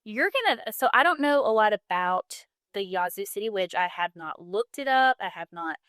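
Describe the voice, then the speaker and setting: A woman's voice: medium pitch, animated, normal speed, fairly bright tone, no echo, clean studio sound. A woman hosting a podcast, chatting casually and joking with her guest. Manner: joking, playful interjections. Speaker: podcast host.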